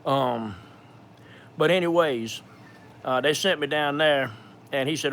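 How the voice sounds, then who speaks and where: A man's voice: a little high, slow pace, long pauses, fairly bright tone, a little hiss or hum. A man in his fifties with a thick Georgia accent, talking in a folksy, rambling way with many fillers and restarts during a live question-and-answer session. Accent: thick Georgia Southern. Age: 50s. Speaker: ministry speaker.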